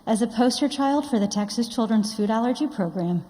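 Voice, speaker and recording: A mother in her forties reads a prepared tribute, affectionate and deliberate in her phrasing. Her voice is mellow and mid-pitched, and the big sanctuary adds a long reverb behind it. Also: lively intonation. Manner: affectionate, proud, deliberate reading. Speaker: parent giving a speech. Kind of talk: read tribute speech. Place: large sanctuary. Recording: long reverb of a large hall.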